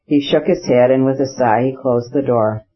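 A man narrating a classic novel as an audiobook in an even, measured reading voice; the recording is slightly muffled. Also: mid-range voice, breathy edge.

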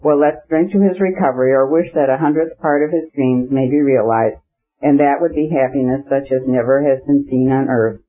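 A man's voice: medium pitch, steady tone, normal speed, natural voice. Friendly guy giving a toast, middle voice, bit muffled, read by a man. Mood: jovial. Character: genial male friend raising a toast. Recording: slightly muffled audio.

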